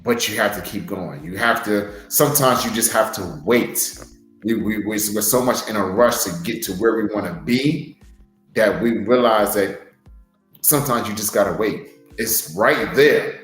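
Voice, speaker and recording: A man's voice: on the low side, normal speed, fairly bright tone, echoey room, faint music behind, low-quality recording. A man who co-hosts a podcast and wrestles, earnestly sharing a word of advice and repeating himself as he restarts. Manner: earnest, repetitive, stumbling restarts. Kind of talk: casual motivational talk.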